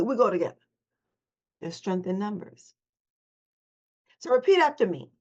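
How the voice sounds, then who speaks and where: A woman's voice: mid-range voice, animated, brisk, highs cut off. A woman hosting a motivational morning call, coaching listeners and having them repeat affirmations back to her. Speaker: host and voice coach.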